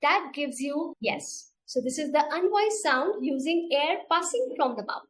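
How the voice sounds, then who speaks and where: A woman's voice: high voice, lively intonation, unhurried. A middle-aged woman with an Indian English accent leading an online teaching webinar, patiently demonstrating sounds and repeating each step. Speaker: teacher trainer. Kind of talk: webinar instruction.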